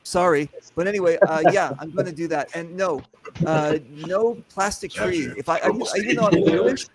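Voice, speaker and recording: A man's voice: on the high side, normal speed, a loud crowd. A man hosting a casual live chat, telling long rambling stories with plenty of profanity. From California. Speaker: host.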